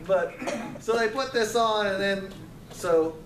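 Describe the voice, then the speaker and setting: A man's voice: sits high, slow, a bit bright, slight background noise. Roomy-sounding man teaching a casual Bible class. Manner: conversational, joking asides, frequent restarts. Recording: roomy, distant, faint ambience.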